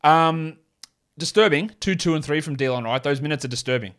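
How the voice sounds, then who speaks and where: A man's voice: fairly high pitch, brisk, fairly bright tone, clean tone. A man hosting a solo fantasy basketball podcast, blunt and sarcastic, cursing casually as he runs through stats and reads an ad. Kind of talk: solo sports podcast with ad read.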